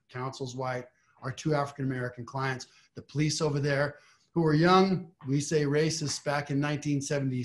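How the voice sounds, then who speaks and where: A man, a trial lawyer, telling a story in a panel discussion, animated, with frequent restarts and rising emphasis. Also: a little high.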